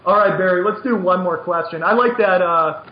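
High-voiced, emphatic man in a roomy space. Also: moderate pace, dull audio, a little hiss or hum. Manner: emphatic, repeats words when excited, acts out dialogue. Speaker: poker coach and podcast host. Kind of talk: animated podcast chat.

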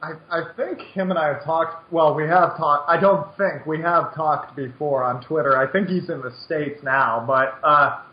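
A high-pitched man chats on a podcast, rambling and opinionated, often restarting his sentences. His voice sounds roomy and echoey, and the recording is dull and lo-fi. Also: fairly even intonation, moderate pace, few pauses. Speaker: podcast co-host. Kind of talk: casual podcast chat.

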